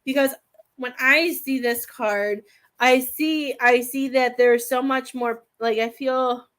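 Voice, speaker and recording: Speaking slowly in a high-pitched, steady, fairly bright voice, this woman acts as a medium giving a tarot reading on a live stream. Her talk wanders and falters, peppered with "I feel like," and sometimes turns emotional to the point of tears.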